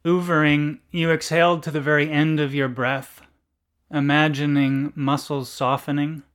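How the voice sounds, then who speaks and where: A man reading a literary story aloud in a deliberate, deadpan narration. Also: medium pitch.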